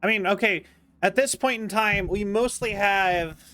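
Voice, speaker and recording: Chatty, bright-voiced American streamer. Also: male voice, high voice, measured pace. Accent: General American. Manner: rambling, chatty, full of fillers and restarts. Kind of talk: casual live-stream chat. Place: home, indoors.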